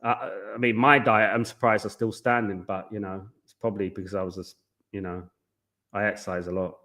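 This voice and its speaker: A man's voice: fairly low pitch, little pitch movement, a little fast, pushed and bright. A man hosting a live football watchalong, chatting casually and repeating himself. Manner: chatty, rambling, repeats himself, keeps saying "guys". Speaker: watchalong host.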